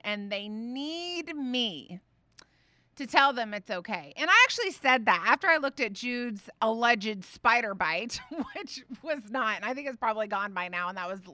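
A woman, hosting a faith podcast and telling a family story in a chatty, animated way full of fillers. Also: medium pitch, dry recording. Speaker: podcast host.

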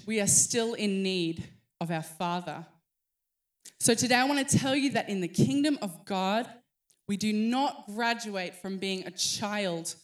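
A woman in her thirties preaching a sermon, telling a story with animated acted-out voices. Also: fairly high pitch. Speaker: pastor.

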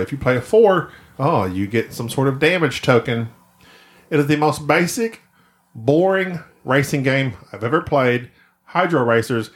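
Lively man reviewing a board game. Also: fairly high pitch. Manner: animated, rambling, quick to laugh. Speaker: podcast co-host. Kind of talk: casual chat, game review.

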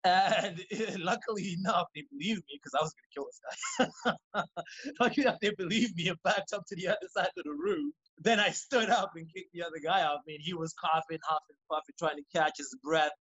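A man, a podcast guest, telling a story in casual, profane, animated fashion and acting out what people said. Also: a little high, husky, lo-fi sound. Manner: rapid, animated, profane, acts out quoted lines.

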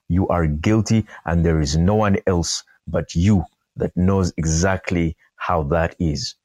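A man preaching a sermon, slow and emphatic, repeating key phrases for weight. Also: low voice, darkish tone, no echo, clean studio sound. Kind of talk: sermon podcast.

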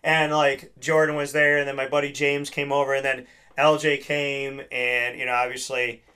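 A man's voice: mid-range voice, little pitch movement, moderate pace, sharp tone, clean tone. A man hosting a casual podcast chat, rambling with many restarts and fillers. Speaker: podcast host.

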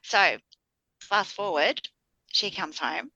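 A woman's voice: medium pitch, lively intonation, takes it slowly, sharp tone, no echo, lo-fi sound. A middle-aged woman, co-hosting a podcast in casual chat and acting out the people she quotes as she tells a story. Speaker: podcast co-host.

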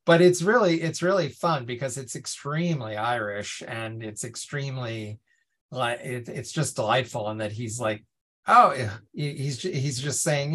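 A man's voice: mid-range voice, a little slow, fairly bright tone. Chatty man who laughs easily. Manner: chatty, laughs often, many restarts. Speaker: podcast co-host. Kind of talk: casual conversational chat.

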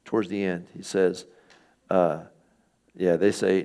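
A man's voice: sits low, flat delivery, takes it slowly, darkish tone. A middle-aged man preaching a sermon in a conversational way, asking his listeners questions and acting out the people in the passage. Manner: conversational, asks the listeners questions, acts out quoted speakers. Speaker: pastor.

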